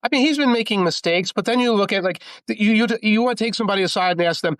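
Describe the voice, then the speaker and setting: High-voiced man rambling animatedly. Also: rapid-fire, few pauses, no room sound. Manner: rambling, animated, full of asides and quoted voices. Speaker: podcast guest, football writer. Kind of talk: casual sports talk.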